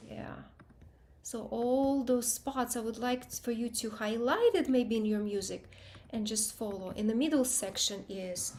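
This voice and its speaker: A woman's voice: fairly high pitch, a little slow, darkish tone. A woman teaching piano, giving students encouraging feedback and singing out rhythms to show how passages go. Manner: encouraging, sings out rhythms to demonstrate. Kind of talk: online group piano lesson feedback.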